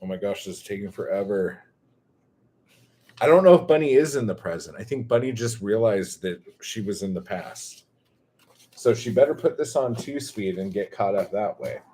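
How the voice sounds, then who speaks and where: A man with a Californian accent chatting casually on a livestream, drawing his words out slowly, swearing freely and rambling as he reads chat aloud. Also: fairly low pitch, expressive, dark tone. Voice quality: slow, drawn-out surfer-dude drawl.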